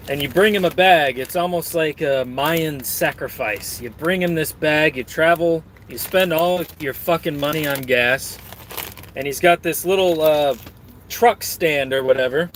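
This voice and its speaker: Streamer type, man, rambling and crude, joking with chat, a bit high-pitched. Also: a little slow, a bit bright, a little hiss or hum.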